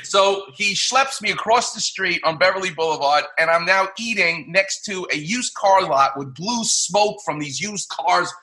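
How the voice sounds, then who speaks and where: A middle-aged man from New York, a surgeon guest on a podcast, telling lively anecdotes and acting out the people in them. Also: sits high, measured pace, few pauses. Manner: animated anecdote-telling, acts out quoted voices. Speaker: guest, orthopedic surgeon and radio host. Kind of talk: podcast interview storytelling.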